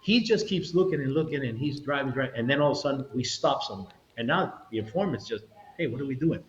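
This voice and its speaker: A man's voice: medium pitch, quick pace, slight background noise. A middle-aged man, a retired federal agent, tells a story as an interview guest, acting out quotes and often restarting his sentences. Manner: animated storyteller, acts out quotes, frequent restarts. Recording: roomy, slightly dull sound.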